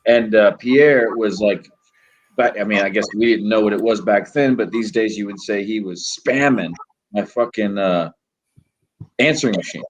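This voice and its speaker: A man's voice: lowish voice, normal speed, poor audio. A man hosting a casual chat and telling a profane, rambling story with lots of energy. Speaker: host.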